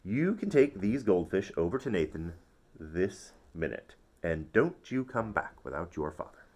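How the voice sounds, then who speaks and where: A man's voice: low voice, big pitch swings, unhurried, darkish tone, heavily acted. A man voicing a grown mother in a read-aloud children's story, prim and scolding. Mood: stern. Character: stern but polite mother, grown woman.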